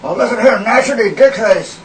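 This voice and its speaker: Belligerent high-voiced man hurling insults. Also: animated, a little fast. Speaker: angry parent in a sketch. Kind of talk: improvised comedy sketch. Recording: echoey, distant, noisy amateur recording.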